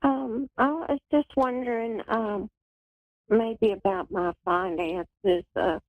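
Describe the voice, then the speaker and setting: A woman's voice: a little high, slow pace, no room sound, phone-quality sound. Hesitant Southern woman calling in. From Kentucky. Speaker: caller.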